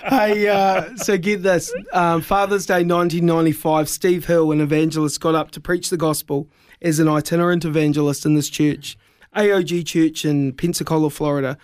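Kiwi guy telling a story on radio, high voice, dramatic and self-mocking. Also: moderate pace, clean tone. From New Zealand. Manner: lively, self-deprecating, dramatic. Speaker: evangelist guest.

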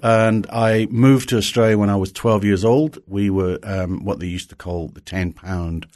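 A man's voice: fairly low pitch, steady tone, normal speed, a little mellow. A Scottish-accented man in his sixties, a pastor and songwriter, telling stories cheerfully in an interview with chuckles and restarts. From Scotland. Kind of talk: casual interview chat.

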